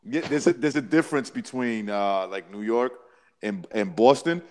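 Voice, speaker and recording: A man chatting on a podcast, speaking haltingly with many restarts. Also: mid-range voice, expressive, big-room sound, crowd noise. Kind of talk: casual podcast chat.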